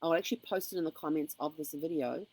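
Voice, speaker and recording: Speaking quickly in a low, somewhat mellow voice, a motivational vlogger talks casually to camera, upbeat and encouraging and saying um a lot. The audio quality is poor.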